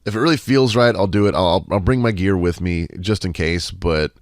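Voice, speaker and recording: A man's voice: sits low, moderate pace, no room sound, studio quality. A man hosting a casual Q&A podcast, laid-back and wry, rambling with fillers, sarcastic asides and casual swearing. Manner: rambling, with many fillers and restarts. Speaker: podcast host.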